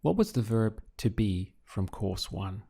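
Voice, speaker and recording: A man whose first language is Spanish, giving a slow audio language lesson and drilling phrases with patient pauses. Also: lowish voice, lively intonation, vocal fry, mellow, slightly rough. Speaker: Spanish tutor.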